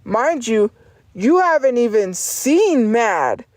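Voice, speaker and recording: A woman's voice: fairly high pitch, very animated, slow, darkish tone, dry recording. A woman livestreamer ranting at her chat in a profane, insistent and defiant way, repeating her points over and over.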